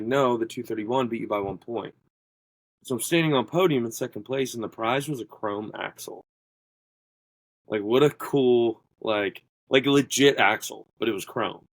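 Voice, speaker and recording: A man's voice: medium pitch, no room sound, low-quality recording. A man who is a strongman athlete, guesting on a podcast and telling stories casually, full of fillers and quoting what people said to him. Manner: rambling, filler-heavy, quotes people in his stories. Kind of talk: casual interview storytelling.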